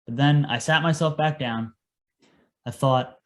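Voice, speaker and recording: A man's voice: medium pitch, moderate pace. A young man, a paramedic guest on a podcast, telling his work story in an earnest, casual way and acting out his past lines.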